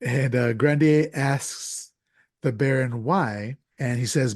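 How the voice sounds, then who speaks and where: A man's voice: mid-range voice, takes it slowly, darkish tone, no room sound, clean studio sound. A man hosting a casual podcast, recapping a film's plot with lots of ums and restarts. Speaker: podcast host. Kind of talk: casual podcast film discussion.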